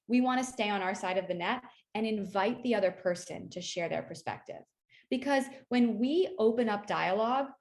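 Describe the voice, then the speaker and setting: A woman leading a workplace workshop, speaking in a conversational coaching tone and often checking in with "right?" and "you know.". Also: mid-range voice. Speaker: workshop facilitator. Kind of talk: online workshop presentation.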